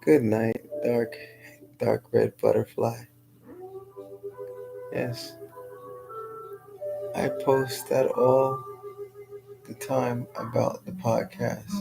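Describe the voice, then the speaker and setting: A woman's voice: a bass voice, level tone, very slow, gravelly, pauses often, over music, poor audio. A woman from New City, chatting casually as a guest on a live stream, laughing often and answering viewers by name. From New York City. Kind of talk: casual chat, reading viewer comments aloud.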